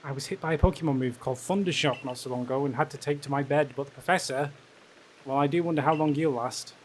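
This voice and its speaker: A man's voice: mid-range voice, fast talker, slight background noise, lightly acted. A man voicing a clumsy, posh British male professor in a game. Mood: genial.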